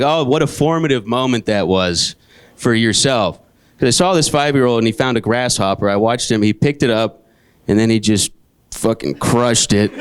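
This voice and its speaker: A man in his late twenties performing a stand-up comedy set, telling stories in a dry deadpan with sudden jumps into high, exasperated voices. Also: smooth. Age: 20s. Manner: deadpan storytelling with sudden high-pitched outbursts. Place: comedy club stage. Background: audience laughter.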